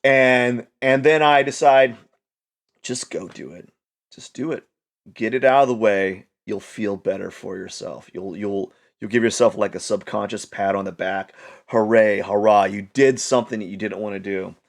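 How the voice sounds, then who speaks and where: A man talking casually and encouragingly to camera, rambling with lots of "like" and restarts, swinging between loud bursts and quiet asides. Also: lowish voice, fairly even intonation, moderate pace, creaky, hardly any pauses. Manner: rambling, heavy use of "like", frequent restarts. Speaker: channel host. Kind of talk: casual motivational monologue.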